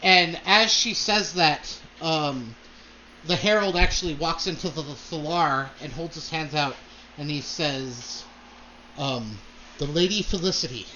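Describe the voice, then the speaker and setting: Guy gm narrating casually, lots of ums, sharp voice, faint hiss. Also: fairly high pitch, slow, muffled recording. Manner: casual, many fillers like um and like. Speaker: game master. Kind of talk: narrating a tabletop game.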